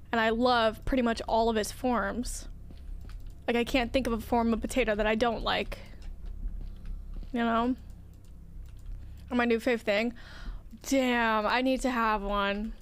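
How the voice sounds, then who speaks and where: A young woman streaming a game, chatting casually and softly with her viewers in a gushing, sing-song way. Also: fairly high pitch, fairly even intonation, a little slow, long pauses. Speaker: livestreamer. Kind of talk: casual chat with viewers while gaming.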